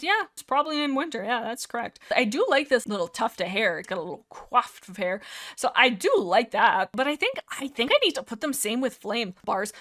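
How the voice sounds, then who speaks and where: A young woman giving casual, animated tier-list commentary, teasing herself and talking straight to each character. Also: a little high. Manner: animated, self-mocking, talks to the characters directly. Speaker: YouTuber ranking characters.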